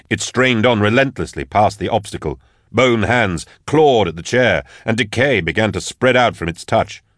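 A man narrating a dark fantasy story with measured, dramatic delivery. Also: fairly low pitch, dry recording, clean studio sound. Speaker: audiobook narrator. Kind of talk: scripted narration.

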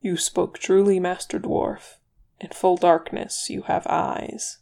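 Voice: mid-range voice, flat delivery, takes it slowly, vocal fry, warm tone. Dry, haughty elf archer, read aloud by a narrator. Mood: cool haughty. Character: proud, cool male elf archer.

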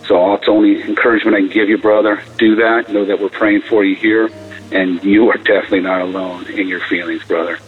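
A man speaks in a low, even voice with little rise and fall, giving earnest, brotherly encouragement. The sound is narrow and tinny, like a phone line. Faint music sits underneath. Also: fast, breathy edge. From California. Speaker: caller. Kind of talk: recorded voicemail to a podcast.

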